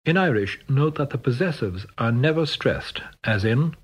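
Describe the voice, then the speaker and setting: A language course narrator with a slightly husky male voice reads through the sections of a pronunciation lesson. His scripted, measured delivery has a lively, moving pitch as he announces each rule.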